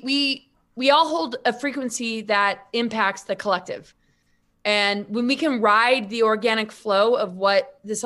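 Woman guest on a spiritual podcast, kinda high voice, rambly, lots of "you know" and restarts. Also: fairly bright tone. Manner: rambling, many restarts and filler words. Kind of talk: casual spiritual conversation.

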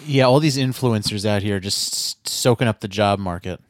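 A man co-hosting a casual podcast, giving animated, profane opinions and advice. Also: lowish voice, moderate pace, dry recording, clean studio sound. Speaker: podcast co-host.

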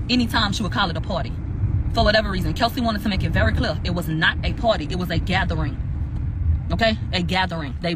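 A woman co-hosting a casual recap, retelling testimony in a profane, animated, ranting way. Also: mid-range voice, background noise. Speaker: podcast co-host recapping court testimony.

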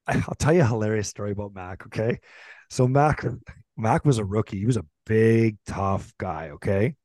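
A middle-aged man, a former hockey player hosting a podcast, telling a profane, animated story and acting out the quotes. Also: fairly low pitch, a little fast, dry recording. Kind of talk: casual storytelling chat.

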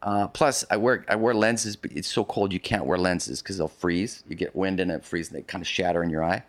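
A man with a very low voice tells a long story as an interview guest. His talk is loose and rambling, full of restarts and side remarks. The sound is close and dry, with no room echo. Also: a little fast. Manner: rambling, with frequent restarts and vivid asides. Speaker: interview guest recounting a polar expedition. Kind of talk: casual storytelling in conversation.

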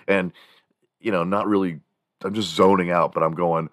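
A man with an extremely deep voice spins a casual, animated story and acts out sounds as he talks. The recording is dry and close, with no room echo. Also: moderate pace, pauses often. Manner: animated, mimics sounds and voices, chuckles while telling stories. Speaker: podcast host.

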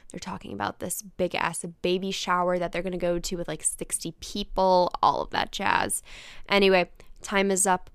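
A woman's voice: on the low side, clean tone, no echo, studio quality. Chatty young woman rambling through a story. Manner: chatty, rambling, swears casually, acts out voices. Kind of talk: casual storytime vlog.

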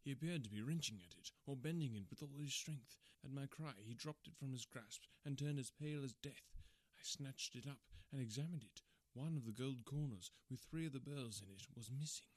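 A man reading a classic detective story aloud in a measured, formal storytelling manner. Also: mid-range voice, darkish tone, no echo. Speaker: audiobook narrator.

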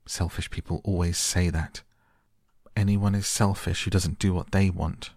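A man's voice: low voice, little pitch movement, unhurried, a little mellow, no echo, clean studio sound. A man voicing a sour, stubborn little girl who snaps out fierce retorts.

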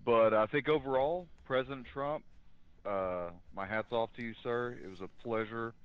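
A man in law enforcement, a talk show guest, who gives earnest opinions and pauses with fillers. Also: medium pitch, clean tone, no room sound. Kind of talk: casual political talk. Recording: dull lo-fi remote line.

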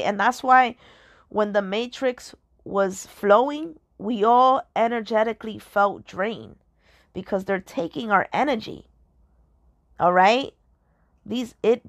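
A woman's voice: mid-range voice, no echo. Emphatic woman ranting, dry close sound. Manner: emphatic, repetitive, keeps asking if listeners understand. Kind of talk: casual monologue to camera.

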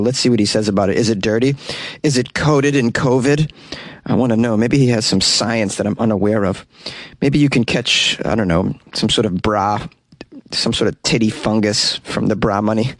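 A man's voice: on the low side, a little fast, no room sound. Joking American man, dry sound. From United States. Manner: joking, irreverent, chuckling asides. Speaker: comedy podcast host. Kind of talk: comedic news commentary.

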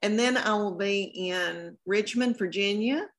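A woman. She is chatty and folksy, full of exclamations, and sits at a middle pitch for a woman. She is a comedian guest on a casual podcast. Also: measured pace. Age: 50s.

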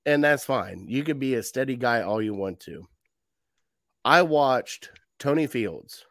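A man's voice: mid-range voice, expressive, a little slow, a bit bright, no room sound, studio quality. A man co-hosting a casual sports talk show, ranting heatedly. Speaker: podcast co-host.

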